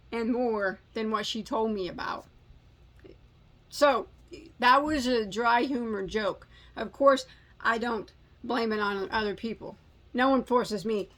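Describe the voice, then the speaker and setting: A woman's voice: on the high side, a bit bright, slight background noise. Chatty self-mocking woman in her forties. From United States. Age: 40s. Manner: rambling, self-mocking, jokey. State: slightly out of breath. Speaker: crochet channel host. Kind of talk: casual chat.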